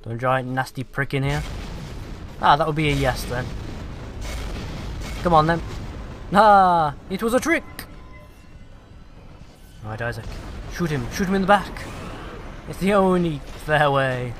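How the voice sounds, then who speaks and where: A man's voice: on the high side, lively intonation, unhurried, long pauses, a bit bright, soft background music. A British man giving sarcastic, profane let's play commentary and taunting the enemies on screen.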